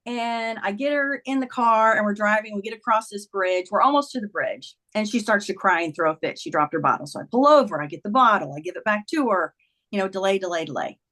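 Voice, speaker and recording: A woman's voice: medium pitch, lively intonation, brisk, bright, forceful tone. Earnest woman retelling a personal story. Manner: vivid retelling that acts out quoted dialogue. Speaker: guest, author.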